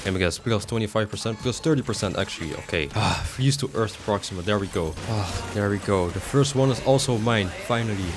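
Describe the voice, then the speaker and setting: A young man giving casual, slangy commentary over his gameplay, jumping from excited outbursts to low mumbles. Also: a little fast, hardly any pauses. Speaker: gaming streamer.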